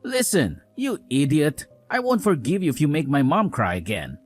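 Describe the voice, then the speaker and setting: A woman's voice: sits low, big pitch swings, normal speed, soft background music. A woman voicing a young, hot-tempered husband loyal to his mother, talking in an accusing, scolding way. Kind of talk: dramatized story dialogue.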